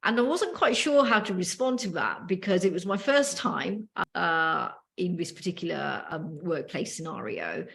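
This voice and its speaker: British woman telling a story, slightly low. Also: expressive, moderate pace, vocal fry, hardly any pauses, fairly bright tone. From United Kingdom. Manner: storytelling with frequent ums and restarts. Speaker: podcast co-host. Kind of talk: casual podcast conversation.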